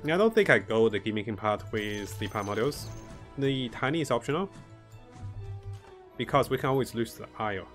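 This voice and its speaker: A man's voice: on the low side, expressive, moderate pace, pauses often, a bit bright, soft background music. A man streaming a strategy game, thinking his moves aloud, greeting viewers and chuckling often. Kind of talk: live gameplay commentary.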